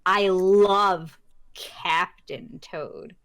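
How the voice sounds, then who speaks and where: A woman's voice: fairly low pitch, fairly even intonation, very slow, fairly bright tone. A young woman chatting casually, gushing and giggling as she talks. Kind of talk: casual chat.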